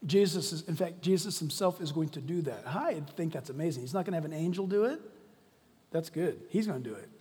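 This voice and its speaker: Pastor guy preaching, high voice, goes from yelling to almost whispering, long hall echo. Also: expressive, fairly quick. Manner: preaching with big swings from shouting to hushed. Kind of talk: sermon. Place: church sanctuary. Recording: long reverb of a large hall.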